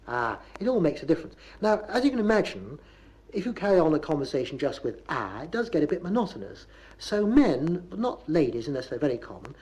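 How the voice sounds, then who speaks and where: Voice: mid-range voice, warm tone, low-quality recording. A comic performer with a Bristol accent giving a mock lecture on local speech, on a 1970s comedy record. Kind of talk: comic talk on dialect.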